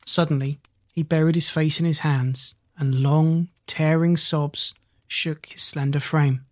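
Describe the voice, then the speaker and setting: A man reading a hard-boiled crime story aloud in a measured storytelling voice. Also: a little high, level tone. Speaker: narrator. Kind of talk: audiobook narration.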